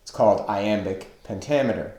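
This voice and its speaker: A man teaching a webinar lecture on poetry, deliberately counting out stressed and unstressed syllables. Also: fairly low pitch, mellow, echoey room.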